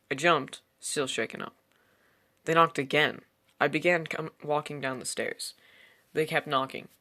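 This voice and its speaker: Reading a first-person horror tale from a script, a male narrator builds tension with a slightly high voice and a sharp tone.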